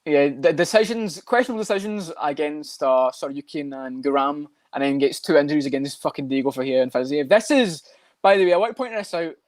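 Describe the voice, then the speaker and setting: A man talking fast and loose on a podcast, swearing often and breaking into mock voices for laughs. His voice sits a little high and sounds close and dry, with no room around it. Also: no room sound. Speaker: podcast co-host. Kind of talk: casual chat.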